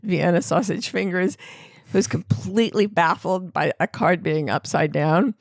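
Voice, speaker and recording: A woman co-hosting a podcast, telling comic stories in a casual, animated way with frequent laughter. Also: on the low side, unhurried, vocal fry, dry recording, clean studio sound. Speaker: podcast co-host. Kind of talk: casual chat.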